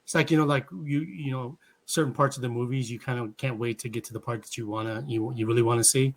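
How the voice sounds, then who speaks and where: A man's voice: mid-range voice, steady tone, fast talker. A man co-hosting a casual podcast chat, with a laid-back, slangy way of talking. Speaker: podcast co-host.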